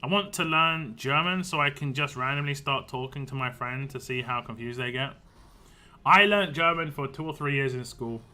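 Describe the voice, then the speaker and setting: A man's voice: medium pitch, moderate pace, pushed and bright. A man, a game streamer, chatting casually and rambling on a live stream, laughing often.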